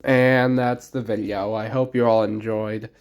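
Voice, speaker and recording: A man's voice: on the low side, level tone, a little slow, smooth. A young man with a sick voice giving blunt, offhand commentary on game characters in a casual video. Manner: blunt, offhand, mildly crude. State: sick, stuffy voice. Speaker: gaming video creator.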